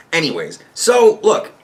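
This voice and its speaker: A man with a very high-pitched, slightly bright voice hosts a podcast, launching into an angry, mocking political rant packed with swearing.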